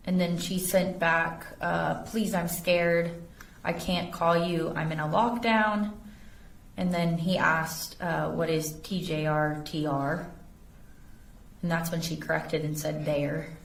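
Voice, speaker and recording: Woman, witness testimony, low voice, measured factual reading, distant mic, echoey courtroom. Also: level tone, gravelly. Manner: reads text messages aloud in a measured, factual way. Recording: roomy courtroom audio from a distance.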